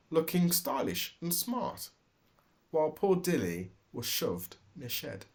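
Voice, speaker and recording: Dad narrator reading a rhyming kids' book: slow, sing-song, expressive. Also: male voice, fairly high pitch, vocal fry. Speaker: storybook reader. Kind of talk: rhyming storybook read-aloud.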